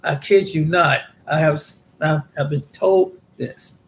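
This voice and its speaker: A man's voice: on the high side, unhurried. Rambling man with a raised voice. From United States. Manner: rambling, repeats words, animated retelling. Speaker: vlogger. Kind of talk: casual personal monologue.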